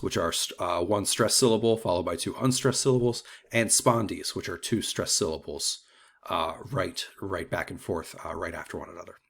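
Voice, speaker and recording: A man teaching an unscripted mini lecture, talking loosely with many fillers and restarts. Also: lowish voice.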